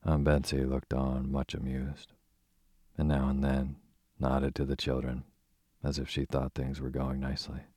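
A man reads an old-fashioned children's story in an extremely deep voice with a husky grain. His delivery is steady and almost monotone. The recording is dry and close. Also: unhurried, no echo. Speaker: audiobook narrator. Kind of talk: storybook narration.

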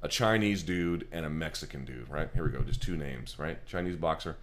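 Deep male host, loose profane off-the-cuff fight chat, filming himself on a handheld camera. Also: a little fast. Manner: loose, profane, rambling and emphatic, many fillers. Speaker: MMA show host. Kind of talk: casual post-fight commentary.

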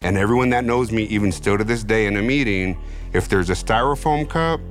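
A middle-aged man with a Chicano English accent, a podcast guest telling his recovery story in streetwise slang, animated and slipping into other people's voices. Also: fairly low pitch, fairly quick, soft background music. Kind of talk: casual storytelling interview.

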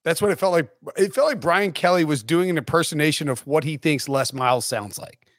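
Male sports podcast host, joking and animated, slightly high voice, dry recording. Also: no echo. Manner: animated, joking, quick restarts. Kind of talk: casual sports podcast chat.

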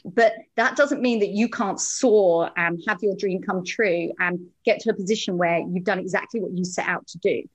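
A woman's voice: medium pitch, moderate pace, few pauses, slightly rough, muffled recording. A woman guest on a podcast, talking in an earnest, encouraging way about her journey. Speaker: podcast guest, program graduate. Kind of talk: casual interview.

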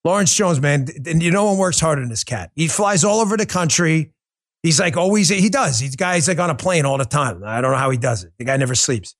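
A man hosting a political commentary podcast, talking in an animated, joking and profane way. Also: on the high side, brisk. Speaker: podcast host.

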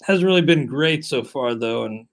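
A man co-hosting a sports podcast in casual chat, moving briskly through the rundown in a conversational way. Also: medium pitch, lively intonation. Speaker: podcast co-host.

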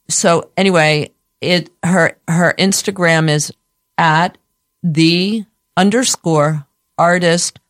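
A woman with a raspy voice hosts a loose, chatty radio show. Her talk rambles, breaks off mid-sentence and restarts, with a slight lisp on some sounds. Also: lowish voice. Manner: slightly lispy speech.

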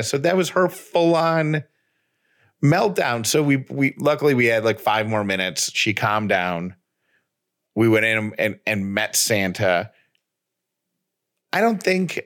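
A man's voice: medium pitch, fairly bright tone. A man co-hosting a podcast, telling a story casually in a rambling way. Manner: rambling storyteller, frequent fillers and restarts. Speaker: podcast co-host. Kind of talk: casual chat.

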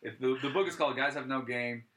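A man's voice: medium pitch, fast talker, fairly bright tone. A male comedian telling rambling, profane stories in casual podcast chat.

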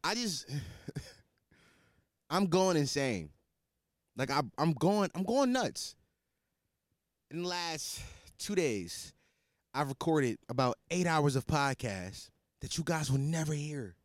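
Young man rambling on his podcast, lively up-and-down pitch, crude slangy jokes, close dry sound. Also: slow, pauses often, no echo. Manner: rambling, restarts and repeats himself, crude joking; swears freely, slangy and blunt. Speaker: podcast host. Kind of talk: casual solo podcast monologue.

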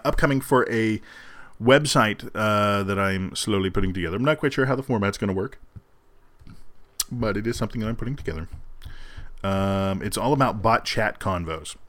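A man hosting a show, chatting casually and hesitantly, with frequent pauses and restarts, on a close, dry mic. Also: on the low side, a bit bright, no room sound. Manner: hesitant, lots of ums and restarts. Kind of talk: casual chat.

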